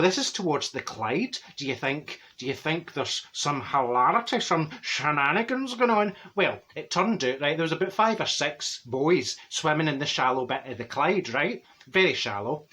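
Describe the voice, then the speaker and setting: A man's voice: a little high, bright, forceful tone. A man voicing a chatty, straight-talking older woman from Glasgow in a Glaswegian accent, rambling and laughing through her comic stories. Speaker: comedy character. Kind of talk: comic monologue to camera.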